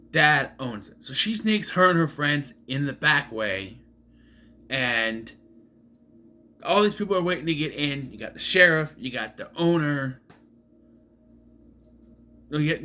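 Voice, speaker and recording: A young man chatting through a movie review in a loose, rambling way, often breaking off to correct himself. His voice sits fairly high for a man, with lively rises and falls. The tone is bright and sharp. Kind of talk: casual film review vlog.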